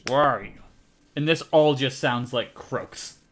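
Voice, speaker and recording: A man's voice: medium pitch, unhurried, fairly bright tone, a little hiss or hum. A man running a tabletop game as game master, narrating plainly with stammered starts.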